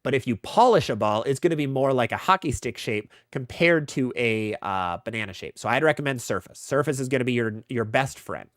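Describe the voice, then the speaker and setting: A man's voice: medium pitch, lively intonation, fairly quick, few pauses, fairly bright tone, no room sound, studio quality. A man hosting a live bowling Q&A, giving casual gear advice in answer to viewer questions. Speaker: bowling channel host. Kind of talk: live stream Q&A, answering chat.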